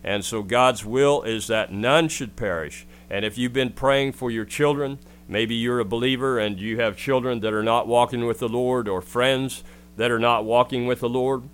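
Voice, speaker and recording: Guy preaching on the radio, earnest, pleading tone, mid pitch, really clear voice. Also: fairly even intonation, moderate pace. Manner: earnest, pleading exhortation with scripture readings. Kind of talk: radio sermon.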